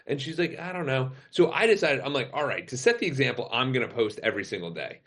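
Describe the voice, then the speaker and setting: A man's voice: medium pitch, expressive, quick pace, few pauses, a bit bright. A man hosts a podcast with an ordinary mid-range voice. He talks casually and asks long, rambling questions. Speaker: podcast host. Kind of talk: casual interview chat. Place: remote call.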